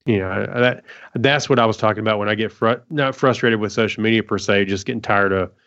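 A man's voice: on the low side, a little fast, fairly bright tone. A man co-hosting a podcast, reading a news article aloud in a casual way, tripping over words and adding his own asides. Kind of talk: casual chat. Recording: dull lo-fi audio.

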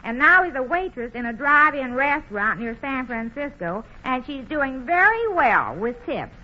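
A bright, scatterbrained housewife. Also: female voice, sits high, very animated, moderate pace, muffled recording, slight background noise, full character voice. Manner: scatterbrained, mixes up words and phrases. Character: scatterbrained young-ish housewife who dreams of the stage. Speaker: housewife in a radio comedy. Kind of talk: 1930s radio comedy acting.

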